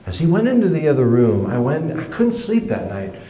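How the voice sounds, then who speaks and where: Animated male storyteller in echoey room. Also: a little fast. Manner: animated, jumps high in pitch for his younger self. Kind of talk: personal story told to an audience.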